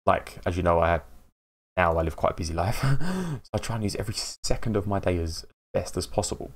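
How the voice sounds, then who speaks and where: A man's voice: sits low, fast talker. A man chatting casually on a live stream, rambling and laughing at himself as he greets viewers.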